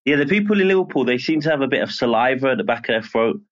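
A journalist from Birmingham, England, with a Birmingham accent, talking as a guest in a relaxed, measured way. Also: male voice, mid-range voice. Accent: Birmingham English. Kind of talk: casual interview. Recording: lo-fi muffled audio.

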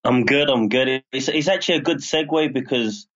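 A man with a Birmingham accent speaks as an interview guest, calm and measured. His voice sits at a middling pitch. The audio is muffled and lo-fi. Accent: Birmingham English. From Birmingham, England. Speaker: journalist guest. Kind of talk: casual interview.

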